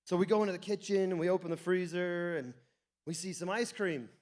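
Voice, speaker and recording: A man's voice: high voice, fairly quick, a little mellow. A young man doing a stand-up comedy set on a club stage, telling crude, rambling stories with lots of swearing and laughing at his own jokes. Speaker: stand-up comic.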